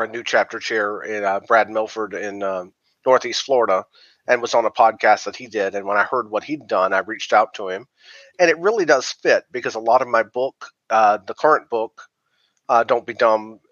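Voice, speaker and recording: Measured man guest, dull remote sound. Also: on the low side, a bit bright, no echo. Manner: measured, with many "uh" fillers. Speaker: podcast guest, author. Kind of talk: casual interview answers.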